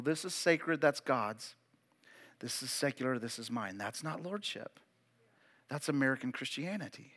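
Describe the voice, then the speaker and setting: A pastor in his forties preaching a sermon, emphatic and fervent, repeating key phrases and urging his listeners to pay attention. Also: on the high side. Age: 40s. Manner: builds to loud, fervent preaching.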